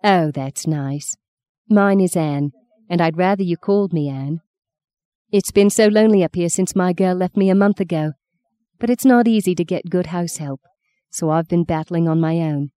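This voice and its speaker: A woman's voice: fairly low pitch, moderate pace, dark tone, dry recording, studio quality, lightly acted. A woman voicing a chatty, frank Australian farm wife with an Australian accent in a storybook reading. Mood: breezy.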